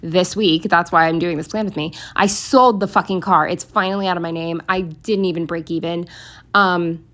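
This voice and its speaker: A woman's voice: lowish voice, steady tone, normal speed, a bit bright. A young woman venting in a casual, rambling storytime, exasperated and swearing freely. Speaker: planner vlogger.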